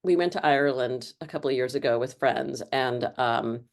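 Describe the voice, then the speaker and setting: A middle-aged woman with a notably low voice talks casually as an interview guest. She rambles through her answers, full of ums and restarts, in a loose, conversational way. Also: normal speed. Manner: chatty, rambling with many fillers. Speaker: author guest.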